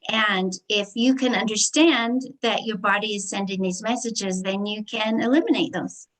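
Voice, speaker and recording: A woman's voice: medium pitch, fairly even intonation, moderate pace, rough recording. A woman who works as a healer, explaining an affirmation practice in an interview in an earnest, instructive way. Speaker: healer and hypnotist vendor.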